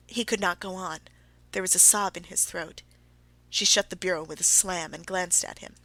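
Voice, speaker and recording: Bright-voiced woman audiobook narrator. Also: on the low side, fairly even intonation, moderate pace, dry recording. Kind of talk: classic novel narration.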